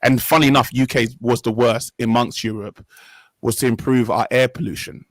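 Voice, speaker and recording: A man's voice: medium pitch, fairly even intonation, normal speed, dry recording, poor audio. A young man hosting a casual discussion, talking in an earnest, rambling way and often correcting himself mid-sentence. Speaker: podcast host.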